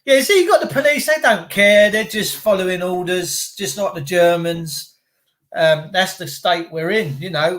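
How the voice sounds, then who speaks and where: A man's voice: high voice, moderate pace, low-quality recording. A middle-aged man, ranting to viewers on a live stream in an emphatic, repetitive way. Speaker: livestreamer. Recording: loud background noise.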